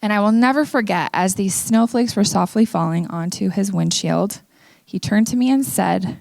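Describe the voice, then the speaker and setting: A middle-aged woman from Utah, USA gives an earnest, candid personal testimony at an event venue. Her medium-pitched voice is creaky and a little mellow, at a normal speed, in a dry recording.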